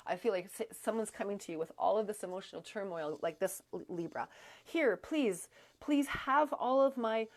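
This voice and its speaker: A woman reading tarot on a live stream in an even, middle-pitched voice. She rambles and stops herself often, padding with fillers. Her throat is strained and she coughs now and then. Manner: rambling, halting, many fillers and restarts. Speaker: tarot reader.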